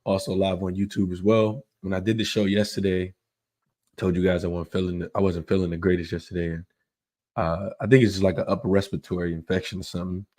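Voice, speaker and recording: Congested, low-voiced man hosting betting talk. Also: little pitch movement, brisk, darkish tone. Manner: rambling, many fillers and restarts. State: congested from illness. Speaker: sports betting show host. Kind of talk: casual sports betting analysis.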